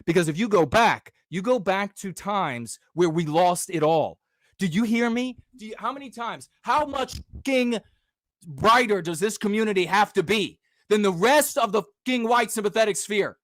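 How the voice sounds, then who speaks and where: High-voiced man ranting combatively. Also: expressive, moderate pace, no echo, studio quality. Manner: combative and profane, rising to shouts. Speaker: livestream host. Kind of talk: livestream rant.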